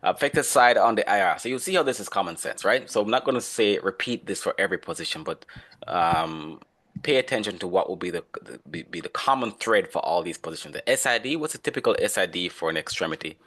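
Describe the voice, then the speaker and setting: Low-voiced man teaching an online class. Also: lively intonation, quick pace, fairly bright tone. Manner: questions students by name, conversational. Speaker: instructor.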